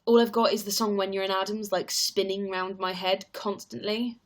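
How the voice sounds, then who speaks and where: A woman's voice: mid-range voice, fairly even intonation, moderate pace. A young woman chatting casually on a livestream, rambling and answering viewer comments. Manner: chatty and rambling, heavy use of "like". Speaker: stage actor and livestreamer.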